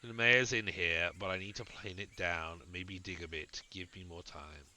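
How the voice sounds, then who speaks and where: A man voicing an austere but caring male druid in a game, solemn and curt, with a low, bright voice. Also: steady tone, normal speed, slight background noise.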